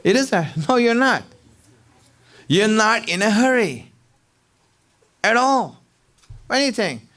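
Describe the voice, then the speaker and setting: Lively high-pitched man giving a sermon. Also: takes it slowly, long pauses. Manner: conversational, rhetorical questions, frequent "you know". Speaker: preacher. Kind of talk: Ramadan lecture.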